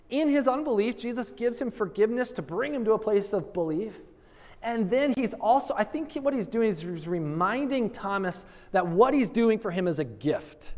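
Male pastor, high-pitched, earnest sermon, echoey hall. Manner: conversational, earnest, rhetorical asides. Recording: long hall reverb.

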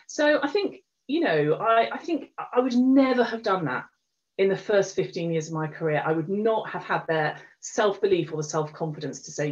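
A woman's voice: mid-range voice, lively intonation, moderate pace. A middle-aged woman speaking as an interview guest, telling her story frankly with plenty of fillers and restarts. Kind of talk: candid conversational storytelling. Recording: dull lo-fi recording.

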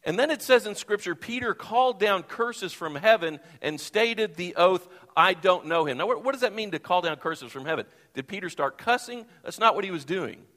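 A man preaching a sermon from the pulpit, expressive, acting out the Bible quotes he tells. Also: high voice, normal speed, few pauses. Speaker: pastor. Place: church sanctuary. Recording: long reverb of a church hall.

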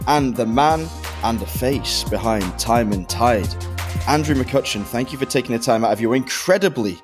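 A man hosting a casual podcast in a playful, teasing way, sometimes half singing his lines. Theme music plays clearly behind him. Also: mid-range voice, normal speed. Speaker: podcast host.

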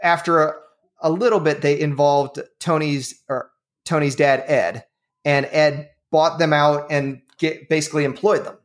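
A man's voice: on the high side, fairly even intonation, measured pace. A man telling stories in casual conversation, with lots of uh and um fillers. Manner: storytelling with many fillers. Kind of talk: casual chat.

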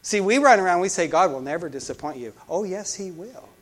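A man's voice: sits high, expressive, brisk. A man preaching a sermon as pastor, fervent, with frequent repeated restarts.

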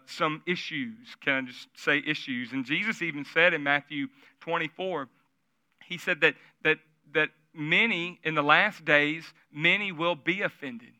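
A man's voice: on the high side, sharp tone, clean tone, dry recording. A man preaching a sermon at a church service, telling stories in a conversational way and asking the audience questions. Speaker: pastor.

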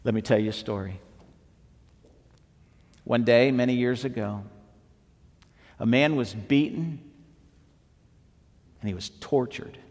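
A man preaching a sermon as pastor, slow and emphatic, rising at times to near shouting. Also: medium pitch. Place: church sanctuary. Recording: long hall reverb, faint music behind.

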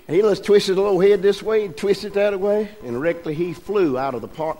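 A man's voice: sits high, a little mellow. An older man, a pastor telling folksy stories in a sermon and asking his congregation questions. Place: church sanctuary.

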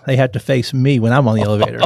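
Loud joking man, dry close sound. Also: medium pitch, fairly even intonation, very fast, creaky, dry recording. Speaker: co-host. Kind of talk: casual radio-style chat.

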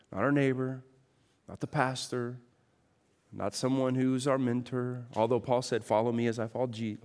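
A man preaching a sermon, emphatic, rising to loud peaks and dropping to quiet low passages, asking rhetorical questions. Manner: asks the congregation rhetorical questions. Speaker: pastor.

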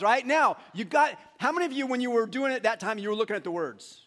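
A man's voice: very high voice, expressive, fast, fairly bright tone. A man preaching a sermon in a church, in a conversational way, leading his congregation through group recitation. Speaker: pastor. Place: church sanctuary.

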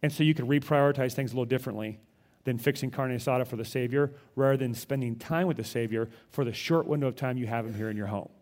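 A male pastor preaching a conversational sermon with animated delivery, often repeating words as he goes. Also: medium pitch, fast.

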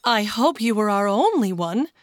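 A woman's voice: mid-range voice, big pitch swings, normal speed, no room sound, natural voice. A woman voicing a shy, polite young girl in a storybook reading. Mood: flustered. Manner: flustered, polite.

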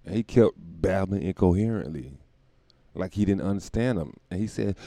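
A man's voice: low voice, moderate pace, vocal fry, mellow, no room sound. A man hosting a show, riffing in a rambling, irreverent comedic monologue with laughs and profanity. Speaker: podcast host.

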